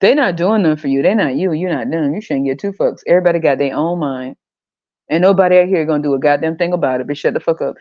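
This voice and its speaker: A woman podcast host rants in a casual monologue, blunt, profane, and mocking, acting out other people's voices. Her voice sits low and dark, she talks fast, and the recording is dry and dull.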